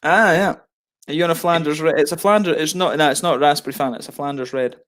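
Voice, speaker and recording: Host, male, slightly high voice, relaxed chatty banter over a video call, laughs a lot. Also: fast. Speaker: beer reviewer host. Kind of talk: casual chat on a video call.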